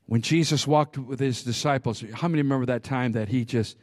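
With a mid-range voice at normal speed, a preacher leaves long pauses as he tells funny stories from the pulpit. The studio-quality recording has no echo. He's animated, laughs a lot, and keeps calling out to the congregation.

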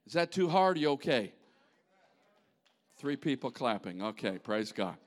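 A man preaching a sermon in an animated, conversational way, with asides to the congregation. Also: mid-range voice, moderate pace.

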